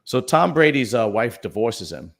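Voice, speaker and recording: A man's voice: mid-range voice, big pitch swings, moderate pace. A male podcast host chatting casually about news stories, rambling with lots of fillers and restarts and telling jokes for donors. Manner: tells jokes read out for viewer donations.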